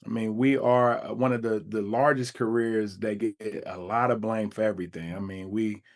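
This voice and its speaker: A man, a teacher co-hosting a podcast, reflecting in casual chat over a video call and acting out quotes with a higher voice. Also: fairly even intonation, normal speed. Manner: reflective, acts out quotes with a jump in pitch.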